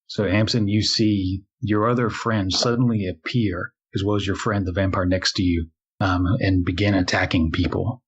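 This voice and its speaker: Husky-voiced man running a tabletop game. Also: low voice, steady tone. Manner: measured, filler-heavy narration. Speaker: game master. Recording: dull lo-fi recording.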